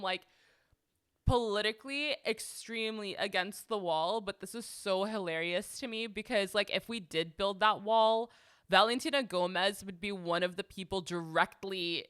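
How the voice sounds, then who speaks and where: A woman's voice: mid-range voice, a bit bright, clean tone. A young woman hosting a casual commentary show, talking sarcastically and chattily with lots of "like.". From United States. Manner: sassy, sarcastic, chatty with frequent "like". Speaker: podcast host.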